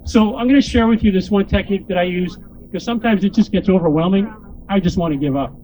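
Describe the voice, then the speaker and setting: A man's voice: sits high, fast talker, warm tone, slight background noise, low-quality recording. A man, a motivational speaker and corporate trainer, giving a joking, crude, rousing speech to a crowd into a handheld microphone.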